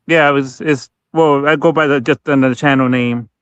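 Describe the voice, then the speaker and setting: A man chatting casually on a livestream as co-host, halting and restarting his sentences often. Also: mid-range voice, steady tone, clean tone, dry recording, highs cut off.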